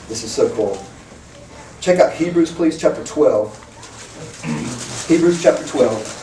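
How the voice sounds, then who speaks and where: A male preacher giving an emphatic, animated sermon, sometimes rising to a shout, recorded from far off in a room. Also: on the high side. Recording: echoey room from far off with faint noise.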